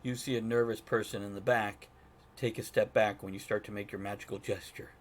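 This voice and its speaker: A man with a fairly low voice narrates a tabletop game as game master. His talk rambles and circles back on itself, with a faint hiss under the recording. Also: fairly even intonation, a little fast. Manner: rambling, chuckling, self-correcting.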